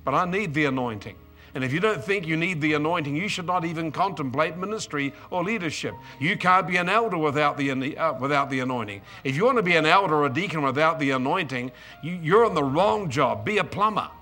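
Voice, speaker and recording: A man's voice: a little high, expressive, brisk, sharp tone, faint music behind. A man in his seventies with an Australian accent, preaching an emotional, exuberant sermon with bursts of praise and repeated words.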